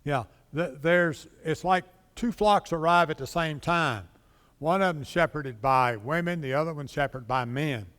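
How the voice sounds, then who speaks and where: A man's voice: fairly high pitch, a little slow, a bit bright. A man teaching a casual Bible class, chatting and quizzing the class as he goes. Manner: conversational, asks the class questions, acts out quotes. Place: church classroom. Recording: long hall reverb.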